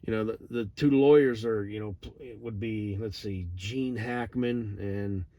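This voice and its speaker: Middle-aged guy rambling slow and deadpan, cussing, dry close sound. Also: lowish voice, no room sound. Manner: digressive, profane, deadpan. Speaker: vlogger. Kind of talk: rambling monologue.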